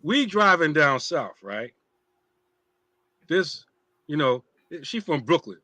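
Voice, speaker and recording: A man hosting a casual talk show, telling teasing stories in an animated way. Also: fairly high pitch, slow, pauses often, no room sound. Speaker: show host.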